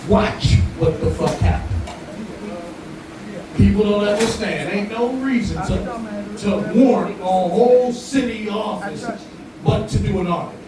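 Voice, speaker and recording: A man hosting a live community event, talking casually to the crowd in a profane, joking, animated way. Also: high voice, unhurried. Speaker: event host. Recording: very echoey room, far from mic, audible background noise.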